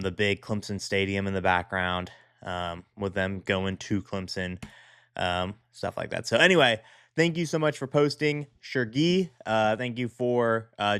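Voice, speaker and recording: A man's voice: lowish voice, a bit bright, clean tone, no room sound, clean studio sound. A man hosting a design show, chatting casually and rambling with many fillers and restarts. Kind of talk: casual commentary on design work.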